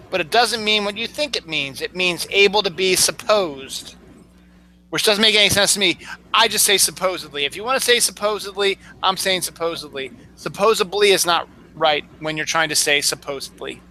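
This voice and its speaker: A man's voice: high-pitched, moderate pace, bright, forceful tone, a little hiss or hum, low-quality recording. A man co-hosting a casual chat, explaining how words are said, chuckling and tripping over his own words. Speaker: co-host.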